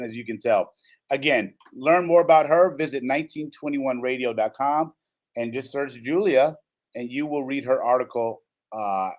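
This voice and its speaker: A man hosting a radio talk show, upbeat and playful. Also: medium pitch.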